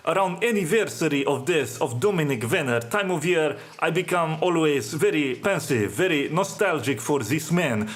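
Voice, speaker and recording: Sardonic male podcast host, fairly high voice. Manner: sardonic, dropping articles in non-native English. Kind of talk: monologue podcast.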